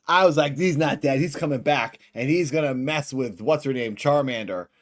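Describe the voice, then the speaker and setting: Excitable male streamer. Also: mid-range voice, moderate pace. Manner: excitable, bursts into shouts. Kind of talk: livestream reaction commentary.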